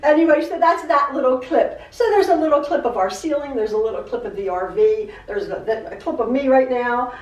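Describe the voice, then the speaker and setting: A woman's voice: high-pitched, brisk, dull audio. A middle-aged woman hosting a quilting channel, chatting in a rambling way that repeats itself, with stammers and restarts, recorded in her home sewing room. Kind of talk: rambling personal chat. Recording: echoey room, mic at a distance.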